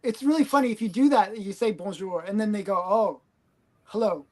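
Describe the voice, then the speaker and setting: A woman from Canada chatting on a group call, curious and quick to laugh. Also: medium pitch, expressive, crowd noise. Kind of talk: casual group chat.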